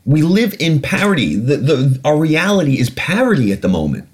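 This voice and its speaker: A man's voice: on the high side, very animated, normal speed. A man hosting a podcast, ranting animatedly and swearing freely in casual talk. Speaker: podcast host.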